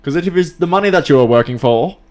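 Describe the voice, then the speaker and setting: An Australian man putting on the voice of a male philosopher, with a slow, grand, intoning delivery. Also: on the high side, lively intonation, voice pushed up, close to an everyday voice. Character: impression of a calm male philosopher lecturing.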